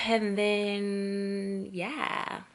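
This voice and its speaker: A woman's voice: medium pitch, level tone, very slow, a little hiss or hum. A young woman in casual vlog chat, cursing freely and talking to her viewers as y'all, filming on a handheld phone at a mall and at home. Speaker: beauty vlogger. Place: shopping mall, then home. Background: loud music.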